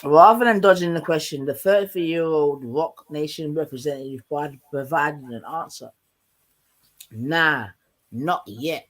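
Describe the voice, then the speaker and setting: A man's voice: a little high, normal speed, few pauses, rough recording. A man hosting a casual live stream, joking and reading aloud in loose slang. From London. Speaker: livestream host.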